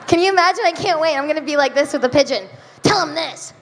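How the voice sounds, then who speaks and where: A young woman performing a stand-up comedy set, giggly and self-deprecating, with drawn-out deadpan asides. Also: high voice. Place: comedy club stage before a live audience. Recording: live club recording with reverb, faint room noise.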